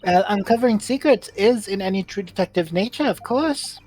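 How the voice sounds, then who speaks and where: A woman's voice: mid-range voice, expressive, brisk, darkish tone, faint music behind, natural voice. A woman voicing a poised female museum proprietor in game dialogue, with a composed, formal reading.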